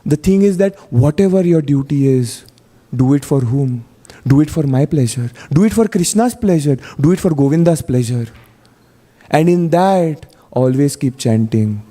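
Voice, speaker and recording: A guest speaker at a temple feast class tells a story-driven sermon in the temple hall, his voice fairly high, animated and warm at a moderate pace. He's chatty, peppers his talk with "you know," and often puts questions to the audience. The recording carries a long hall reverb.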